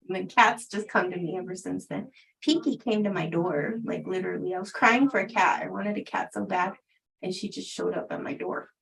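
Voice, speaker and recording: A middle-aged woman, a spiritual teacher, chats easily through a personal story for her livestream viewers, laughing often between sentences. Her mid-range voice is gravelly and the recording quality is low.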